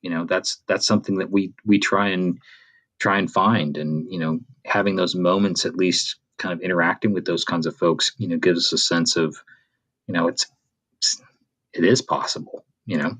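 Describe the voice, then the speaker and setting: A man's voice: low voice, fairly even intonation, moderate pace, a bit bright. A Canadian-born man co-hosting a podcast in casual chat, rambling with many fillers and restarts. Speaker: podcast co-host.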